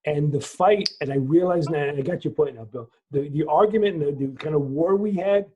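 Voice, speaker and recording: A fairly high-pitched man with a husky, mellow voice answers questions in a lecture. He tells stories in an animated way and acts out the voices in them. The sound comes over a muffled, lo-fi video call. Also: brisk. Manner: animated storyteller who acts out dialogue, frequent restarts. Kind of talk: lecture Q&A with personal anecdote.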